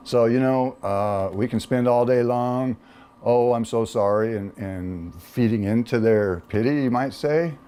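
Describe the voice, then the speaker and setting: A man telling a personal story in a relaxed, plain-spoken way, with many fillers. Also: mid-range voice, a little slow, smooth. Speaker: speaker sharing a personal story. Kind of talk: casual personal talk. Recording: faint background noise.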